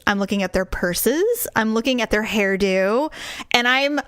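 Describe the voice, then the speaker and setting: A woman's voice: a bit bright, no echo. Chatty, laughing middle-aged woman host. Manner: storytelling, laughing often, voices quotes with big pitch jumps. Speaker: podcast co-host. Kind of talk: casual chat.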